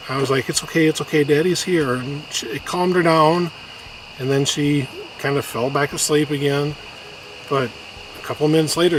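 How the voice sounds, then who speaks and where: Male vlogger, emotional halting storytelling outdoors, noisy outdoor recording. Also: medium pitch. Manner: halting, many restarts, gets choked up. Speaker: vlogger telling a personal story. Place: outdoors on a hiking trail.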